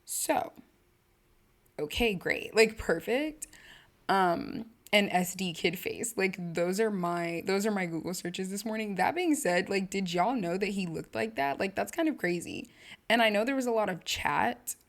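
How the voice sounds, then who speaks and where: A young woman hosting a casual solo podcast, rambling and cutting herself off, with lots of slang and sudden bursts of excitement. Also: mid-range voice, measured pace, vocal fry. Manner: rambling, self-interrupting, slangy and animated. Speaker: podcast host.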